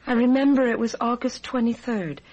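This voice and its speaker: A fairly high, earnest voice belongs to a young woman who never ages. She pleads and confides in a vintage radio drama. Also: brisk, a little mellow, husky, muffled recording.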